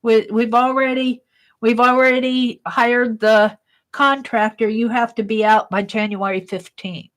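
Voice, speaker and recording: A woman's voice: a little high, fairly even intonation, a little slow, natural voice. A woman quoting a curt young landlord. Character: brisk young male landlord delivering an eviction.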